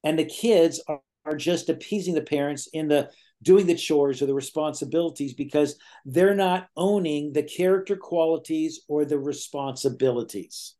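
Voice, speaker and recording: A man's voice: fairly high pitch, moderate pace, mellow. A middle-aged man, a guest speaker on parenting, explains a point in an earnest, lecture-like way during a conversation.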